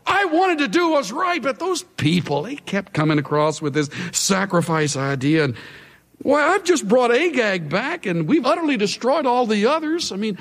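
Man doing a high, whiny, blame-dodging king, long reverb. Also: very animated, moderate pace, a bit bright, heavily acted. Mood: defensive. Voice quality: whiny, pleading. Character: defensive ancient male king dodging blame.

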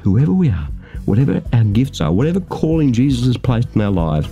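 A man's voice: medium pitch, big pitch swings, fairly quick, dark tone, faint music behind. A man preaching a sermon from a studio, emphatic and full of rhetorical questions.

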